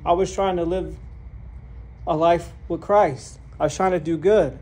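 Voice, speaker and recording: A man's voice: on the high side, steady tone, unhurried, a little mellow. A man giving a personal testimony as a sermon. He speaks in an earnest, candid way, often repeats words as he restarts, and laughs at himself. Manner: self-deprecating, laughs at his own story. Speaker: preacher sharing his testimony.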